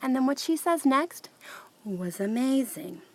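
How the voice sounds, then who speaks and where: A woman, telling a story outdoors to camera in an excited, rambling way with many fillers. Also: high-pitched, unhurried. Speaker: vlogger. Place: outdoors near her house.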